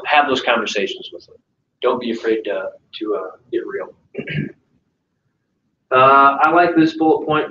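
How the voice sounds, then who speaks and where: A sales trainer gives a casual training talk to a live audience in a meeting room, speaking at medium pitch with a fairly bright tone. He's chatty and conversational, keeps asking "right?", and acts out client phone calls. The recording is echoey, distant and dull, with slight background noise.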